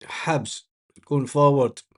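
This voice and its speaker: A man's voice: mid-range voice, fairly even intonation, extremely slow. A man giving blunt, exasperated live match commentary as a watch-along host, swearing freely and laughing often.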